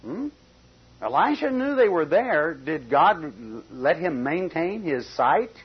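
A man preaching a folksy expository sermon, swinging between loud emphasis and quiet asides. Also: fairly high pitch, husky. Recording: dull lo-fi recording.

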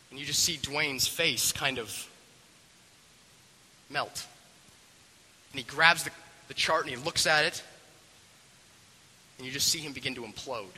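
A man's voice: medium pitch, a little slow, pauses often, in a large hall, slight background noise, rough recording. A man animatedly retelling a film scene, acting out the characters as he goes. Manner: expressive, acts out the characters' voices. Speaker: storyteller.

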